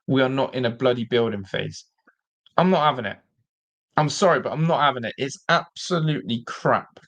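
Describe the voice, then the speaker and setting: Male fan-show host, mid-pitched, exasperated live rant. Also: a bit bright. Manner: exasperated, repeats himself, mocking.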